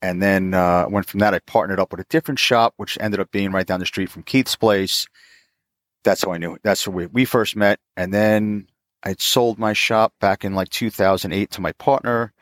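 Man in his fifties, lowish voice, dry close sound, chatty, laughs often. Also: fairly even intonation, moderate pace, no echo. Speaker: guest, diesel mechanic. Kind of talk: casual storytelling.

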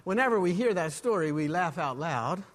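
A man preaching a sermon as pastor in a church, in a measured way. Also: sits high, lively intonation, in a large hall.

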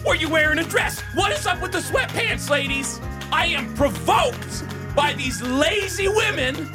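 A man's voice: very high-pitched, expressive, a little slow, music in the background, pitched above the performer's own voice. A man voicing a self-righteous male preacher, scolding women in a mocking, exaggerated preachy way.

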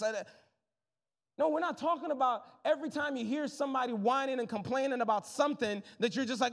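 A man in his thirties, a pastor preaching a sermon in a lively, conversational way with jokes and asides to the congregation. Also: very high-pitched, quick pace, big-room sound.

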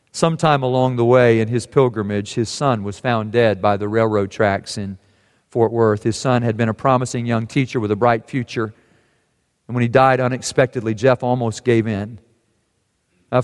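A man preaching a sermon, telling a scripture story and quoting its voices softly. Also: medium pitch, long reverb tail.

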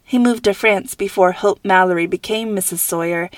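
A chatty teenage girl who loves to fill everyone in, as a woman voices her. Her tone is confiding and lively. Recorded dry and close. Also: mid-range voice, moderate pace, no echo, close to an everyday voice.

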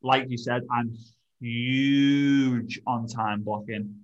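A man's voice: mid-range voice, fairly even intonation, drawn-out words, muffled recording. A man hosting a podcast, chatting eagerly with a guest and often restarting his sentences. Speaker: podcast host. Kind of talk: casual interview chat.

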